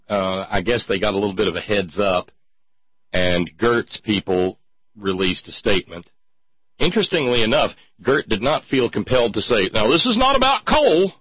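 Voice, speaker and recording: Husky low-voiced man. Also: no room sound. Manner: sarcastic, indignant, rhetorical questions. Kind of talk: political commentary. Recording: dull lo-fi sound.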